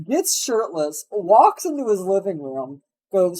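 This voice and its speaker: A man's voice: high voice, a little slow, hardly any pauses, poor audio. A man telling a rambling anecdote on a stream, swearing constantly and livening it with quoted voices. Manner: profane, animated anecdote telling. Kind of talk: casual storytelling.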